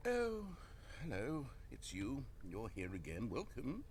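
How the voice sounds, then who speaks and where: A man's voice: mid-range voice, wildly swooping pitch, slow, a little hiss or hum. An actor playing a wry, grandiose male narrator in a video game, delivering scripted lines with theatrical expression. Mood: pleading.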